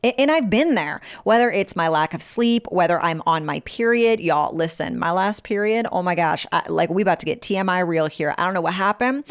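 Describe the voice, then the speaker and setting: A woman hosts a motivational podcast. She speaks in a direct, frank coaching manner and keeps it informal, addressing listeners like friends. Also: on the low side. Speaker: podcast host.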